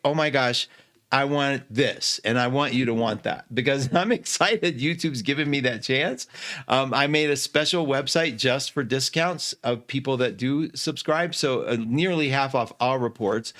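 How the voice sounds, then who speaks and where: A man's voice: medium pitch, fairly bright tone. A man hosting a casual astrology live stream, effusive, greeting viewers by name and laughing often.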